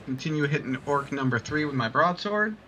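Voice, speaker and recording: A man's voice: on the high side, animated, a little fast, pushed and bright, low-quality recording. A man declaring his moves in a tabletop game on an online call, plain and matter-of-fact. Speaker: player.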